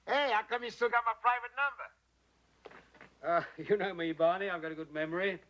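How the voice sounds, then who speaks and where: Brief: loud, sarcastic movie director, bright forceful voice. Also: male voice, high-pitched, brisk, muffled recording. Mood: bluff. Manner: boisterous, laughing, sarcastic. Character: brash, boastful male film director. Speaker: film director.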